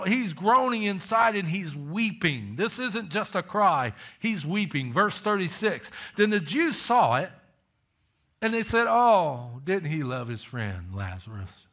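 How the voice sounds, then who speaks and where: A man's voice: fairly high pitch, bright, forceful tone. A man preaching a sermon, reading scripture and pressing the point with emphatic questions and calls for amens.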